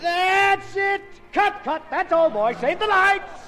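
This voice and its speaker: An actor playing a pompous, fussy film director with an affected, theatrical drawl, in 1940s radio acting. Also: male voice, extremely high pitch, lively intonation, takes it slowly, music in the background, heavily acted. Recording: old radio broadcast, hall reverb.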